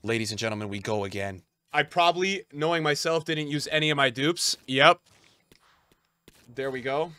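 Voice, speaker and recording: A man's voice: medium pitch, moderate pace, sharp tone, no echo. A young man streaming a pack opening, hyped and chatty, talking straight to his chat. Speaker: gaming streamer.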